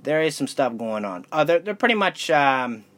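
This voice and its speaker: A man's voice: on the high side, sing-song, moderate pace, a bit bright. A young man hosting a casual solo podcast, talking loosely and profanely with lots of fillers and restarts. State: out of breath. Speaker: podcast host.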